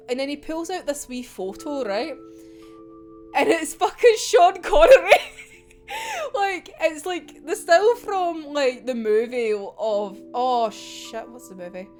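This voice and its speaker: A Scottish woman rambles through a casual, chatty vlog, saying "like" constantly, swearing, and laughing a lot. Her voice sits on the high side with a darkish tone.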